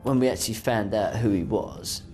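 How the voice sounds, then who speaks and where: A police officer recalling a suspect with wry amusement in an interview. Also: male voice, on the low side, moderate pace, darkish tone, soft background music. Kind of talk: interview recollection.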